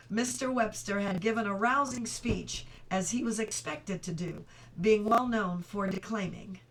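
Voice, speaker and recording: A middle-aged woman reading a novel aloud at home, steady and clear, now and then stopping for chatty asides. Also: mid-range voice, slow pace, a little hiss or hum. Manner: reads steadily, breaks off for chatty asides and laughter. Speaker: audiobook reader.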